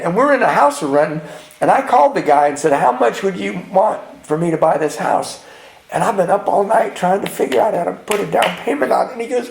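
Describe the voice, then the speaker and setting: Raspy-edged man telling his recovery story in an echoey hall, lively and animated with acted-out voices. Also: high-pitched, fast, slight background noise. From California. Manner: storytelling, acts out dialogue, swings from hushed to loud. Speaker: retreat speaker sharing recovery story. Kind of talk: twelve-step share to a live audience. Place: retreat hall with audience. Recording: roomy hall with faint ambience.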